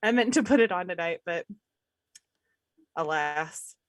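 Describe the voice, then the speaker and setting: A woman's voice: medium pitch, quick pace, dry recording. A woman co-hosting a live podcast over a video call, joking and playful. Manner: joking, playful, laughs a lot. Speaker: podcast co-host. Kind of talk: casual live-stream chat.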